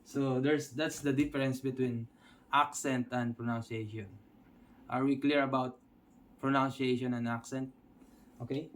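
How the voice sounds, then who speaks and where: A man's voice: mid-range voice, steady tone, unhurried, long pauses. A man from the Philippines with a Filipino accent, teaching an English lesson step by step and often checking in with his listeners. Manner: explains step by step, checks in with "Okay?". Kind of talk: instructional video lesson.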